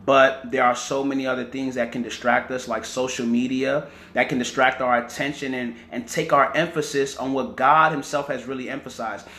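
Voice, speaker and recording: A man's voice: medium pitch, steady tone, normal speed, hardly any pauses, sharp tone, echoey room. A man preaching a teaching sermon, often repeating words and checking in with "right?" and "amen".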